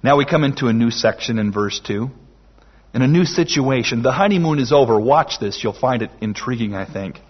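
A man preaching a sermon slowly and emphatically, with dramatic pauses. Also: mid-range voice, lively intonation, husky. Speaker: pastor. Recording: dull lo-fi sermon recording.

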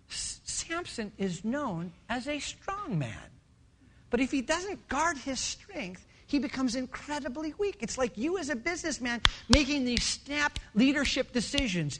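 A passionate middle-aged pastor preaching from the pulpit, his pitch leaping up and down in animated swings. His tone is bright and forceful, and he drops from near shouting to quiet, intimate lines. It is a man's voice, delivering a sermon. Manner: passionate, swings from loud to hushed.

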